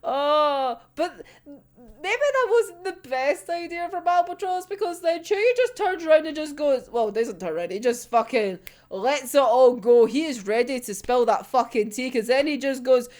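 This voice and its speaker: A woman's voice: sits high, normal speed. A woman casually recapping a manga chapter, laughing often and swearing freely. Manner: giggly, sweary, animated storytelling. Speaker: manga reaction vlogger.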